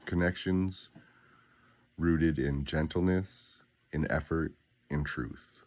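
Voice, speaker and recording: A man guiding listeners through spoken daily affirmations, with a slow, deliberate, grounded delivery and pauses between phrases. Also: rumbling low. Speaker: affirmation guide.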